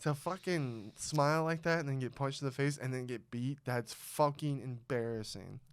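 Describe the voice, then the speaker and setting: A man's voice: mid-range voice, moderate pace, smooth, no room sound. A man co-hosting a casual podcast, talking animatedly, swearing often and acting out scenes as he tells them. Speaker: podcast co-host, former fighter.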